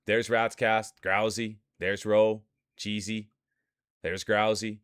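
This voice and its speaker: A man with a low, smooth voice calls marble races like a sports announcer, hyping each racer and chatting with viewers. His voice is clean and dry, sitting close on a desk mic. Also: little pitch movement, takes it slowly, a bit bright, no room sound. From Canada. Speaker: streamer doing marble race commentary. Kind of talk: playful sports-style race commentary.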